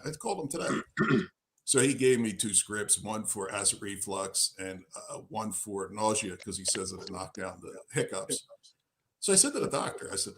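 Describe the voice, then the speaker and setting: A man co-hosting a live talk show who tells animated, joking stories and argues his points emphatically. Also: medium pitch, a little fast, noisy background. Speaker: co-host. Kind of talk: casual chat.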